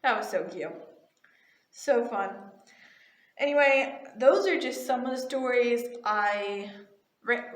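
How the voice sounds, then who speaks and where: In an echoey room, a young woman who works as a retail cashier and vlogs tells a casual storytime. Her voice is on the high side, and she gushes chattily with lots of "like" fillers.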